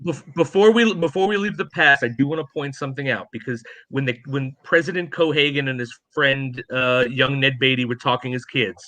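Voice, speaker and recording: A man's voice: mid-range voice, fairly quick, few pauses, sharp tone. A man co-hosting a podcast, chatting casually and sarcastically, laughing often. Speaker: podcast co-host. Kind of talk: casual chat.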